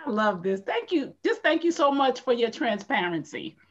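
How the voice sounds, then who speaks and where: A woman's voice: on the high side, sing-song, moderate pace, dull audio. A woman hosting an interview series, speaking in an affirming, heartfelt way to her guest. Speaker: host. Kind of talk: interview show host.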